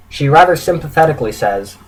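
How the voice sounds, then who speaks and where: A man's voice: fairly high pitch, fairly bright tone, breathy edge, rough recording. A man reading his own written story aloud in an earnest way, with stumbles and self-corrections.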